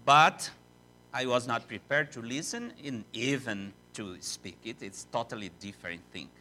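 An older man with a Portuguese accent, a native Portuguese speaker, preaching as a visiting missionary in halting, self-deprecating English. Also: medium pitch, expressive, pushed and bright, slight background noise. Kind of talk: sermon in a church.

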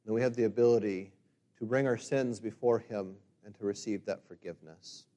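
A middle-aged man preaching a sermon as a pastor. He builds to loud, emphatic peaks and then drops to quiet, reflective passages. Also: on the low side. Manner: reads scripture slowly and forcefully.

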